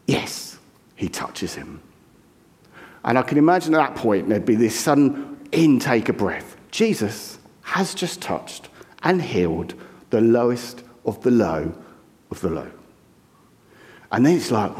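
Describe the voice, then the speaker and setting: A man preaching a conversational sermon, telling the story with lively animation and acting out the crowd's reactions. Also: on the low side, unhurried. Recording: long hall reverb.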